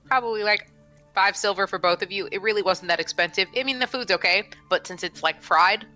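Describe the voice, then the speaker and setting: A woman acting as game master of a tabletop game, narrating in a relaxed, easygoing way. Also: mid-range voice, a little fast, faint music behind.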